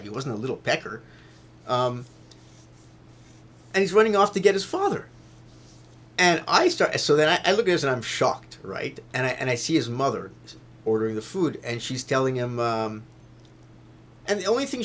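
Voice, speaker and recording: A man talking to his viewers in a loose, rambling monologue, repeating himself and swearing, getting loud as he retells a fight. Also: medium pitch, slightly rough. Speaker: vlogger.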